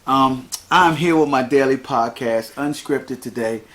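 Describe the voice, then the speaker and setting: A man's voice: mid-range voice, measured pace, fairly bright tone, slight background noise. A man in his fifties hosting an unscripted podcast, talking in a chatty, rambling way and laughing easily. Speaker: podcast host.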